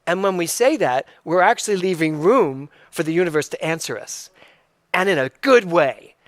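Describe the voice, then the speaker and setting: Middle-aged male minister, slightly high voice, conversational emphatic sermon, dry close sound. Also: expressive, normal speed, dry recording. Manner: conversational, emphatic, repeats key phrases.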